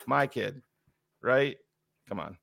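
A man's voice: medium pitch, expressive, slow pace, creaky, a bit bright, no room sound. A middle-aged man co-hosting a casual sports talk show in a studio, blunt, profane and sarcastic. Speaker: podcast co-host. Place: podcast studio.

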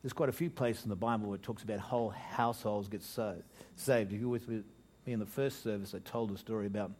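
A man with an Australian accent preaching a sermon as pastor, animated, joking, and often restarting his sentences. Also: on the low side, fast. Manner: animated preaching with jokes and frequent restarts, voice swelling for emphasis.

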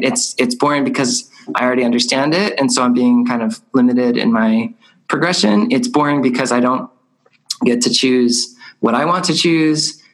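A man's voice: mid-range voice, a bit bright, rough recording. A man hosting a podcast conversation, thinking aloud in a loose, rambling way. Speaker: podcast host. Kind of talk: casual conversation.

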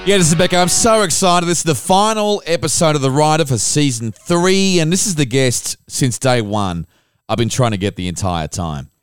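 A man's voice: on the high side, moderate pace, clear, resonant tone, no echo. A man hosting a music podcast, enthusiastic and chatty. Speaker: podcast host. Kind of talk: upbeat podcast intro and interview.

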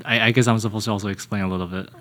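A young man as a podcast guest, talking casually in a halting, hesitant way with frequent restarts. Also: lowish voice, steady tone, sharp tone, a little hiss or hum.

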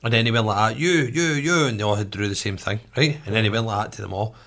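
A man's voice: lowish voice, little pitch movement, racing, gravelly, a bit bright. Scottish man, casual banter, emphatic sweary storyteller. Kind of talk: casual chat.

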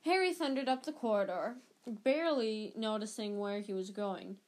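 A woman reading a novel aloud in a steady, plain storytelling manner. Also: mid-range voice, moderate pace. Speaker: reader.

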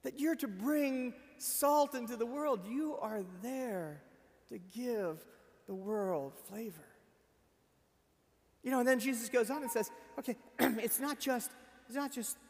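A middle-aged man, a pastor preaching at a memorial service, telling a story with animated swings from loud emphasis to quiet. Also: high voice, creaky. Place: church sanctuary. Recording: long reverb of a church hall.

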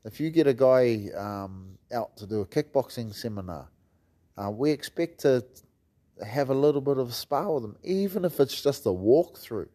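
A man's voice: medium pitch, lively intonation, normal speed, mellow. A man with a New Zealand accent, a martial arts gym coach telling stories in a casual, rambling way and swearing freely. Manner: swears freely, loose rambling delivery with fillers. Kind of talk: casual storytelling chat.

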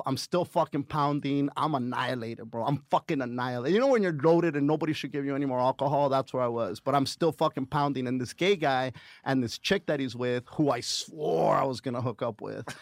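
A man in his fifties from the Los Angeles area, a comedian telling animated, profane stories as a podcast guest. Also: medium pitch, a little fast, no room sound, studio quality. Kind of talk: casual podcast storytelling.

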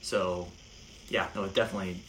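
A young man co-hosting a casual podcast, eager and rambling and quick to chime in with agreement. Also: low-pitched, level tone, background noise. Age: young adult. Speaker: podcast co-host. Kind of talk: casual chat. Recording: echoey, distant from the mic.

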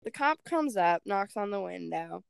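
A young woman co-hosting a podcast, telling a story in lively casual chat, swearing and acting out what people said. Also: medium pitch, normal speed, vocal fry, clear, resonant tone, no echo. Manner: animated, swearing, acts out quotes. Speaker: podcast co-host.

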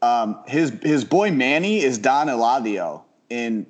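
A man hosting a loose podcast conversation with friends. He rambles through stories with plenty of "um"s and restarts and swears freely. His pitch sits right in an ordinary male middle range. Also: animated, unhurried. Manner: profane, rambling with frequent fillers. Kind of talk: casual chat.

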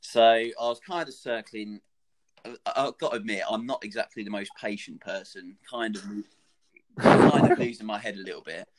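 A young man telling a funny anecdote in a casual, animated, sweary way, laughing along as he goes. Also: fairly low pitch, normal speed, slight background noise.

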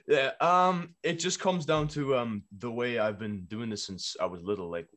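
A man's voice: mid-range voice, measured pace, fairly bright tone. A young Irish man, a rapper guest, chatting casually in an interview, laid-back and playful, laughing easily. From Ireland.

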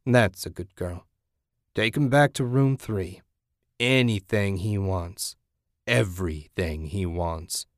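A man voicing a crude, bossy male club owner who talks in a gruff, leering way. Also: low voice, slow, no room sound, studio quality.

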